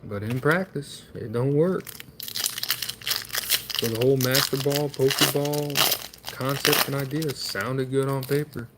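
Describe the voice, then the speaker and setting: A man's voice: mid-range voice, steady tone, unhurried, pauses often, very noisy. A man streaming himself opening trading card packs, chatting in a rambling, wry, self-deprecating way.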